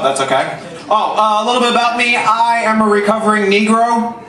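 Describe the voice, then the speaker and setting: A man in his twenties doing a stand-up comedy set, self-mocking and punchy, dropping into low asides. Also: fairly bright tone, recorded from a distance. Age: 20s. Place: comedy club stage. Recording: echoey club recorded from afar.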